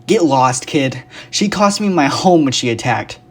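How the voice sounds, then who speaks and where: A storyteller voicing a cruel, angry townsman who shouts at children. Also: mid-range voice, monotone, normal speed, lightly acted. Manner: harsh, loud.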